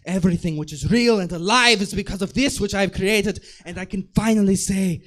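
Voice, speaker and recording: A man's voice: sits high, fairly quick, a bit bright, pitched above the performer's own voice. A comedian playing a gushing, flamboyant male artist with a vague all-over-the-place accent, theatrical and calling everyone darling. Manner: theatrical, gushing, calls listeners darling and babies. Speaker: improv comedian.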